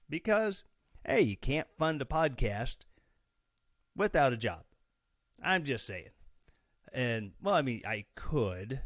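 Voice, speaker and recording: Podcast host from Missouri, male, mid pitch, sarcastic and chatty delivery, dry room. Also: dry recording. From Missouri, USA. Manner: chatty, sarcastic, self-mocking. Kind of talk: casual solo podcast commentary.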